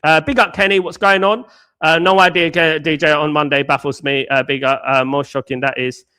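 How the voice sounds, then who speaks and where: A man's voice: a little high, fairly even intonation, a little fast, bright, forceful tone, clear, resonant tone. A man hosting a live fan show, answering chat in casual slangy banter and firing off combative rhetorical questions. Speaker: host.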